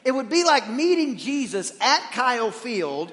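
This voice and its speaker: A man preaching a sermon as pastor, animated, swinging from shouting to hushed tones. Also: very high voice, a little slow. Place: church sanctuary. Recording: reverberant church hall.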